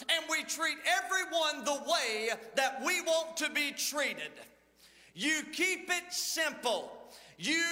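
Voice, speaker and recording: Pastor, male, high bright voice, folksy sermon, reverberant church hall. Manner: folksy storytelling with dramatic Bible reading. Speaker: lead pastor. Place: church sanctuary.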